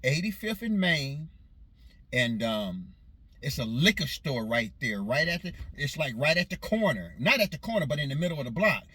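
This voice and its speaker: Fairly high and sing-song, slightly rough and a bit bright, a man's voice recounts his Los Angeles childhood at a normal speed. He rambles and self-corrects in casual, loose speech, and the recording is dry.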